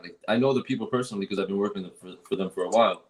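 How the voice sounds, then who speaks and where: A man's voice: fairly low pitch, rapid-fire, rough recording. A man telling a workplace story in casual chat, rambling with many fillers and restarts and swearing freely. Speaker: fragrance store worker.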